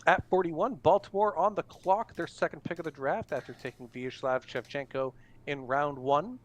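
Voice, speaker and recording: A man's voice: fairly high pitch, moderate pace. Easygoing man calling draft picks. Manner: easygoing, filler-heavy announcing. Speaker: draft broadcast host. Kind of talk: casual live draft commentary.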